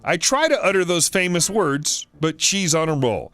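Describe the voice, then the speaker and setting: A man narrating a reddit story in a steady storytelling voice. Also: on the high side, moderate pace, few pauses, dry recording.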